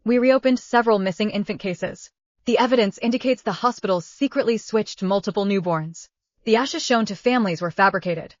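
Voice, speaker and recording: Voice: medium pitch, a little fast, no echo, lo-fi sound, natural voice. A woman voicing a grave police detective who states the facts in a matter-of-fact way. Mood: stern.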